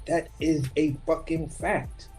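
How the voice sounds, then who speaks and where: A man co-hosting a casual boxing talk live stream, animated and profane, often slipping into voices of other people. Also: fairly high pitch, takes it slowly, over music. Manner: animated, profane, slips into impressions. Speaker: boxing commentary co-host.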